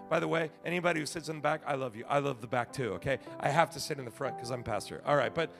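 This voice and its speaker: A male pastor preaching a sermon, telling stories with big swings from shouting to hushed asides. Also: a little high, fast, vocal fry, hardly any pauses, music in the background. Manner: animated storytelling, swings from shouting to quiet.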